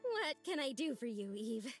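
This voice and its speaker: A woman's voice: sits high, big pitch swings, moderate pace, soft background music, voice pushed up. A woman voicing a cheerful, overworked park volunteer with a sing-songy voice while reading a visual novel aloud. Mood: chirpy.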